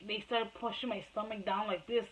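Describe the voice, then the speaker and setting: A woman's voice: medium pitch, fairly even intonation, fairly quick, a little hiss or hum, rough recording. A woman vlogger telling her own story in a rambling, emotional, candid way, switching between English and Spanish. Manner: rambling, emotional retelling, addresses viewers as guys. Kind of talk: personal storytelling vlog.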